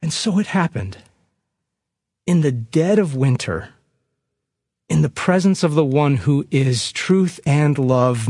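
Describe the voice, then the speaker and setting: A man preaching, retelling a story slowly and expressively. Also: medium pitch, darkish tone, no echo, studio quality. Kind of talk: storytelling sermon.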